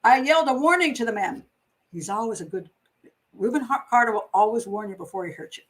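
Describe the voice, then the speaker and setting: A woman's voice: on the high side, lively intonation, a little fast, poor audio. Wry, chatty woman reading a book aloud. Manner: wry, chatty asides, laughs at the text. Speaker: host.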